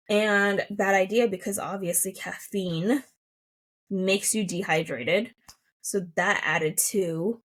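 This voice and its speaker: A pregnant woman in her thirties hosting a solo podcast, talking in a soft, emotional, reflective way with many fillers. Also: on the low side. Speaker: podcast host.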